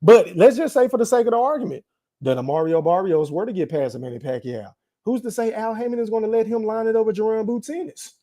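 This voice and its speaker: Animated man hosting a live boxing podcast. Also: high voice, fast talker. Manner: animated, laughs often, talks straight to the chat. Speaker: podcast host. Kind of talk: casual live-stream commentary.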